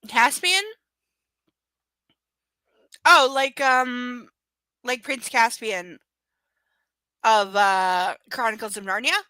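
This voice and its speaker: A woman's voice: fairly high pitch, drawn-out words, pauses often, bright, forceful tone, clean tone, no room sound. A woman reading a romance novel aloud on a live stream, breaking off for chatty, sarcastic asides and casual swearing. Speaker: live reader and commentator.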